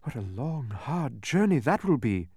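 A man voicing a kindly, fretful woman who keeps sounds, speaking gently and earnestly. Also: mid-range voice, sing-song, measured pace, slightly rough, dry recording, clean studio sound, full character voice.

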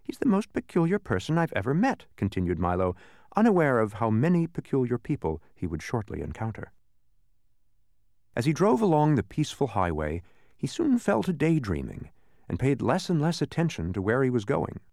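Male storybook narrator, gravelly, dry close mic. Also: medium pitch, no room sound. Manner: expressive, slowing down for effect.

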